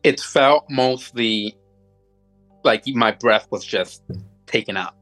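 A man telling a personal supernatural story as a guest, halting and restarting often, audibly moved as he talks. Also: mid-range voice, fairly bright tone, soft background music, poor audio. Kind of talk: emotional first-person storytelling.

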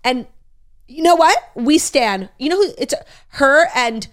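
A young woman co-hosting a casual pop-culture chat, talking fast and animated, with lots of fillers and sarcasm. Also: high voice. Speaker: podcast co-host.

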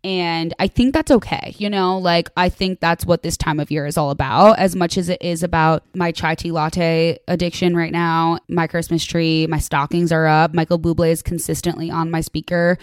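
A woman's voice: lowish voice, fairly even intonation, moderate pace, hardly any pauses, smooth, no room sound. A young woman hosting a podcast in casual solo chat, gossipy and emphatic, full of "like" and swearing. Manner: gossipy and emphatic, heavy "like" filler, rants with swearing. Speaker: podcast host.

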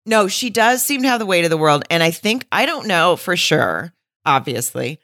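A woman's voice: fairly low pitch, very animated, moderate pace, a bit bright, dry recording, studio quality. A woman co-hosting a podcast, candidly chatting about a reality show, swearing and laughing often. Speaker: podcast co-host. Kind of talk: casual chat recapping a reality show.

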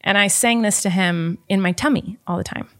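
A young woman and mother chatting casually about songs she wrote for her son. She talks quickly and emotionally and often laughs at herself. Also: medium pitch. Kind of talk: casual chat. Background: ukulele.

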